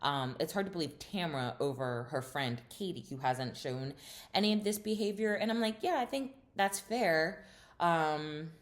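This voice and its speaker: A woman's voice: deep voice, normal speed. A woman hosting a casual reality TV recap, chatty and opinionated, with lots of fillers and sassy asides.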